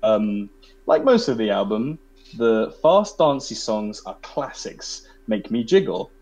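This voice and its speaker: A man's voice: fairly low pitch, big pitch swings, slow pace, a little mellow, rough recording. A man casually reading out listener comments on a podcast, laid-back and giggly. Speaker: podcast co-host.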